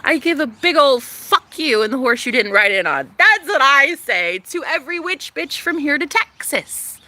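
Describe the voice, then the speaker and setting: A young woman talking to camera in a casual vlog, sassy, profane and dramatic, swinging between loud outbursts and hushed asides. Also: high voice, sing-song, normal speed. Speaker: vlogger.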